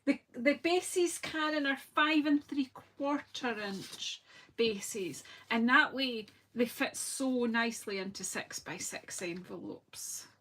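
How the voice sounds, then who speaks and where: A woman's voice: on the high side, animated, takes it slowly, fairly bright tone. A woman from Scotland, a craft demonstrator, chatting casually and thinking aloud as she works through a live crafting session.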